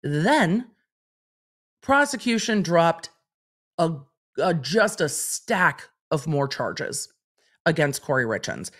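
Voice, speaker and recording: A woman's voice: low-pitched, sing-song, slow, long pauses, fairly bright tone. A woman hosting a livestream, reading court documents aloud and commenting on them in a chatty, wry way. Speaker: legal commentator host.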